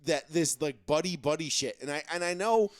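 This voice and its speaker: A man co-hosting a sports podcast, ranting profanely and mocking players with quick put-on voices. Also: a little high, no echo, clean studio sound. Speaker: podcast co-host. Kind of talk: casual sports talk.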